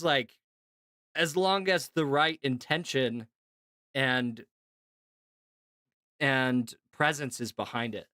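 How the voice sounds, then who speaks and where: A man streaming casually to his chat, talking in an animated, chatty way with lots of fillers and laughs. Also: mid-range voice, no echo, studio quality. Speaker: streamer and voice actor.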